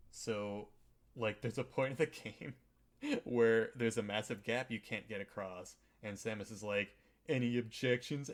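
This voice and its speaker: Rambling, irreverent man podcast host. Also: fairly low pitch. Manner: rambling and irreverent, with frequent swearing and filler words. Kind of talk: casual chat recapping a video game.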